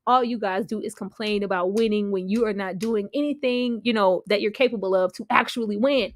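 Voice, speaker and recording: A woman giving a casual reaction review of a TV episode, slangy and animated, laughing often and swearing freely. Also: on the high side, normal speed, no room sound, clean studio sound.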